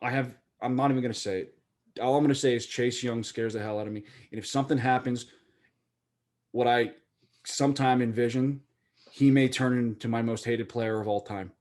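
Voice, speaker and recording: Man, casual sports talk, jokey, rambling, excitable. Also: mid-range voice, a little fast. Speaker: podcast co-host.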